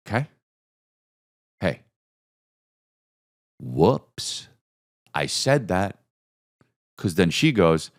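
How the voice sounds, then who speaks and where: A man's voice: slow, pauses often. A man hosting a podcast, telling a comedic story and acting out his own and others' lines with big jumps in his voice. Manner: animated, acts out quotes with big pitch jumps. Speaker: podcast host.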